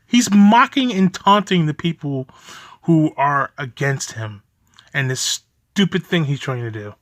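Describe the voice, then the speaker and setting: A young man rants furiously at a video, swearing and letting out bitter laughs. His voice is bright and sits fairly high, and his pitch jumps around a lot. The sound is close and dry. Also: expressive, measured pace, no room sound. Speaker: video reaction host. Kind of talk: angry reaction commentary.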